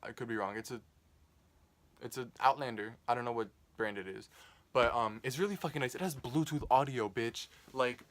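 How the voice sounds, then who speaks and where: A man's voice: medium pitch, moderate pace, a bit bright. A young man casually telling a rambling, profane storytime, full of "like". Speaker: vlogger.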